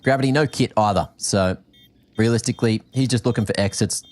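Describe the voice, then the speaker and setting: Energetic Australian male esports caster. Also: fairly low pitch. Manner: energetic, quick reactions, laughs easily. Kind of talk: play-by-play commentary.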